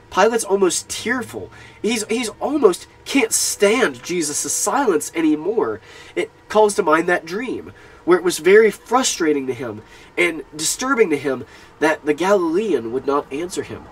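A man's voice: a little high, very animated, measured pace, husky, low-quality recording. A man giving an earnest, reflective spoken analysis of a film, retelling its scenes as he interprets them. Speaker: film commentator.

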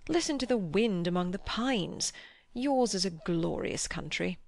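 A woman voicing an earnest, lecturing old man in an audiobook, with a gravelly tone. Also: medium pitch, lively intonation, unhurried, darkish tone.

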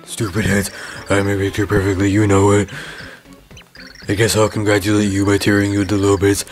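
A man's voice: lowish voice, monotone, a little fast, soft background music, lightly acted. A man doing Mimi, a bratty taunting girl villain. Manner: taunting, name-calling.

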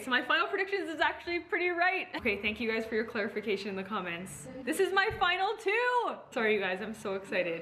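A woman giving live reaction commentary, excitable and talking straight to her viewers. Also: medium pitch. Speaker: pageant reactor.

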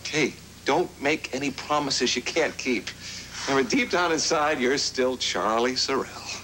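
A man's voice: mid-range voice, unhurried, pushed and bright, slight background noise, poor audio. An actor playing an exasperated but loyal male best friend who scolds and then soothes, in 1980s sitcom style. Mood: softened. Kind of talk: 1980s television sitcom acting.

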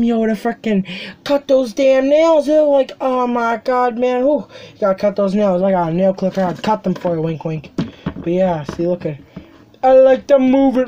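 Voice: mid-range voice, darkish tone. A toy collector rambling through a casual unboxing vlog in a bedroom, joking, swearing and then apologizing, with lots of filler ums and restarts. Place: bedroom at home. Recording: noisy home recording.

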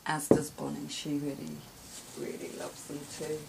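Slow and low, with a gravelly texture, a woman gushes over the gifts she's unboxing for her home vlog, breathy exclamations alternating with soft whispers. It's casual show-and-tell, and the recording is noisy with constant hiss underneath.

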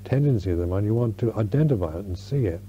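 An older American man, a Buddhist monk, giving a slow Dharma talk at a retreat, searching for words with many restarts. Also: lowish voice, expressive, mellow, a little hiss or hum. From United States. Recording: dull lo-fi 1991 recording.

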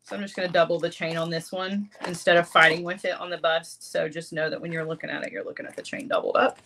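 A woman's voice: on the low side, level tone, fast, vocal fry, fairly bright tone, slight background noise. A middle-aged woman hosting a jewelry-making livestream, chatting casually, reading viewer comments and laughing often.

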